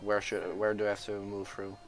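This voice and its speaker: A man's voice: on the low side, level tone, fairly quick, faint music behind. A man playing a tabletop game, asking about distances and explaining rules. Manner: practical, rules-minded questions. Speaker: player. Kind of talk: casual tabletop game play.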